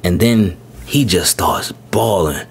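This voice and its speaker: A man with a somewhat low voice tells a family story on his podcast in a relaxed, rambling way. He circles back and repeats words, and his pitch jumps up sharply whenever he quotes his little boy. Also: slow pace, gravelly, breathy edge. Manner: rambling, repeats words, animated when quoting his son. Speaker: podcast host. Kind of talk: casual storytelling.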